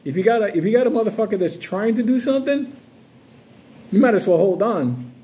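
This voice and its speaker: A man's voice: sits high, expressive, brisk, mellow. A man ranting casually to camera about crypto, profane and swaggering, jumping from story to story. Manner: profane, loose, swaggering, jumps between stories. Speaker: crypto vlogger. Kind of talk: casual unscripted rant to camera.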